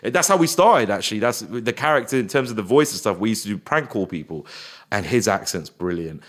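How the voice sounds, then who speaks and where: A man, chatting as a guest in an interview and often slipping into quick put-on voices and impressions. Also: lowish voice, big pitch swings, a bit bright. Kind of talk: casual interview chat.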